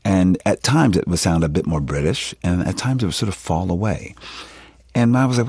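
Very deep-voiced, lively man in his fifties. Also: moderate pace, breathy edge, dry recording, clean studio sound. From Philadelphia, USA. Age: 50s. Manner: animated, expressive storytelling with laughs. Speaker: actor, interview guest. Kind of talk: conversational interview.

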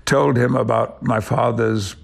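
Gravelly older man, measured. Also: medium pitch, steady tone. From Yorkshire, England. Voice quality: gravelly, husky. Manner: measured, eloquent, with thoughtful pauses. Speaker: interview guest, actor. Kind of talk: reflective interview talk.

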